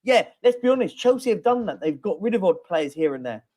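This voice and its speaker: A man's voice: sits high, very animated, fairly quick, dark tone. A man on a casual live-stream panel, talking in a rambling, conversational way full of tag questions.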